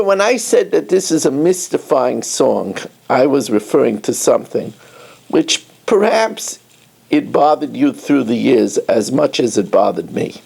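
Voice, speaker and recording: A man, a rabbi giving an animated Torah lecture who breaks into snatches of song and asks pointed questions. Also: mid-range voice, gravelly, slightly rough.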